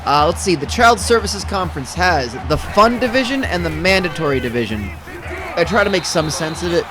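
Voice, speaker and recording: This play-by-play commentator speaks briskly, his voice on the high side with lively intonation. Over background music, he calls simulated football games for a stream, wandering off-track, fixing his own slips, and dropping dry jokes.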